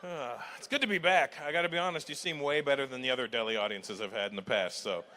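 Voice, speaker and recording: A man's voice: medium pitch, quick pace, sharp tone. A middle-aged man doing stand-up crowd work, teasing the audience and laughing at his own jokes, recorded live on stage. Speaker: stand-up comedian. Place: live comedy venue with audience. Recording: live show with crowd and hall noise.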